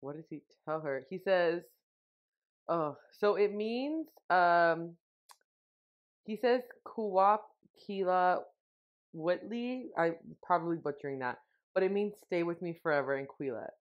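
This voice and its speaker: A young female podcast co-host speaks in a lowish, expressive voice, taking her time. She rambles through casual chat with lots of fillers and restarts, captured on a muffled lo-fi recording.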